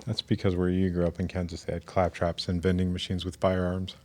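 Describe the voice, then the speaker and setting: A man's voice: low-pitched, completely flat delivery, fairly quick, a little mellow. A man co-hosting a podcast in casual chat, joking, teasing and going off on tangents. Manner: jokey, teasing, digressive explainer. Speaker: podcast co-host.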